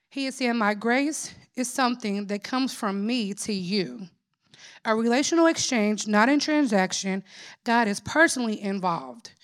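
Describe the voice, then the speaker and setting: A woman's voice: a little high, fairly bright tone. A woman preaching a sermon in an earnest, prayerful way, mixing scripture with personal testimony. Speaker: lay preacher.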